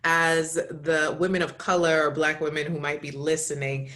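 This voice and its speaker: A woman hosts an interview as a dating coach. Her voice sits somewhat low. She asks direct questions and prompts her guest to share more. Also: level tone, normal speed, fairly bright tone. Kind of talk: interview hosting.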